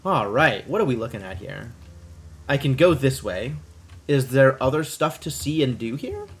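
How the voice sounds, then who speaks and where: Animated, chatty young male streamer. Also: medium pitch, normal speed. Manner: animated, chatty, laughs often. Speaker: streamer playing a video game. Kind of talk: casual live-stream commentary.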